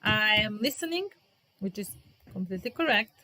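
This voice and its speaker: A woman teaches a live grammar lesson, her voice sitting at an ordinary middle pitch. She is patient and says example sentences over and over, slowing down on the key words. Now and then she calls on viewers in the chat by name. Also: animated, sharp tone. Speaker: English teacher.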